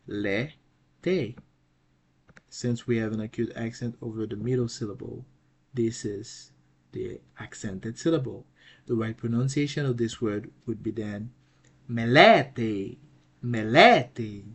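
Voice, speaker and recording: A man giving a slow, measured online language lesson in a mid-range voice. He stumbles and restarts phrases as he explains. He calls out each example word loudly, twice. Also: medium pitch, breathy edge. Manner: halting, restarts and repeats words while explaining. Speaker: language teacher.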